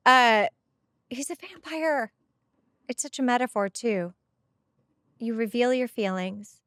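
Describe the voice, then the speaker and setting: A woman's voice: fairly high pitch, expressive, slow, a bit bright, clear, resonant tone, dry recording. A middle-aged woman hosting a podcast, talking on a headset mic in an emotional, gushing way as she comments on a show episode. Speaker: podcast host. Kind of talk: casual episode rewatch commentary.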